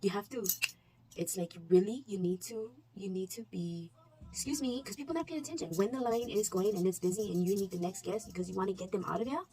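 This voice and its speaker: A woman's voice: mid-range voice, fast talker. A woman telling the camera about her shift at a shop, laughing often, repeating herself and acting out what customers said. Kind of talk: casual storytelling to camera.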